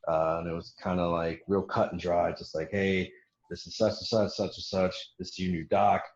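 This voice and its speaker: Young man, casual podcast storyteller, swears a lot, lowish voice, echoey room. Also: normal speed, muffled recording, slight background noise. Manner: profane, laughing, quotes others in animated bursts. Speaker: podcast co-host telling a story.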